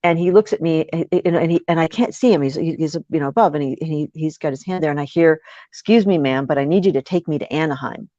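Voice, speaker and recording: Woman podcast guest with a lowish voice who tells stories with lots of energy. Dry, dull lo-fi recording. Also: fast, few pauses, no echo. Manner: lively, laughing, acts out quoted voices. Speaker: guest speaker and author. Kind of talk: animated storytelling in a podcast interview.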